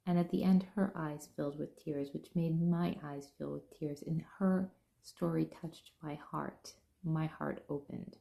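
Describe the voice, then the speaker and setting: A middle-aged woman telling personal stories in a gentle, earnest reflective talk as a spiritual teacher. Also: deep voice, creaky. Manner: gentle, earnest storytelling with soft pauses. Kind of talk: heartfelt spoken reflection.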